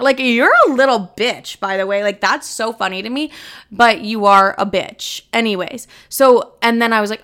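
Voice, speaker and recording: A woman hosting a podcast, talking in a candid, animated and profane way about her private life. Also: a little high, moderate pace. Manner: candid, profane, animated, acts out her own quoted lines. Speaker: podcast host. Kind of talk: casual podcast monologue.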